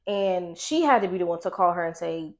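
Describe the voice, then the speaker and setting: A woman in her twenties giving a candid, emotional personal testimony, halting at times and restarting her sentences. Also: lowish voice, lively intonation. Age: 20s. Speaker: vlogger.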